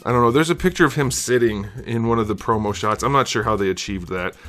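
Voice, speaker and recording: A man's voice: mid-range voice, fast, fairly bright tone, faint music behind. A man talking casually through an action figure review, slightly out of breath from being sick, rambling with fillers and hedges. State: out of breath from illness. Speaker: toy reviewer.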